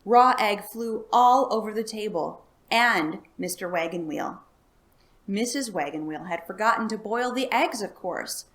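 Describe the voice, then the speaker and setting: Library storyteller, woman, calm read-aloud with a gravelly edge. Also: mid-range voice, measured pace. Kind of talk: reading a children's book aloud.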